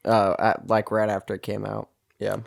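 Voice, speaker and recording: Gravelly guy rambling thru a movie review on a podcast, keeps restarting sentences. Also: lowish voice, completely flat delivery, moderate pace. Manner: rambling, self-correcting, laughs easily. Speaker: podcast co-host. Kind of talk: casual movie-review chat.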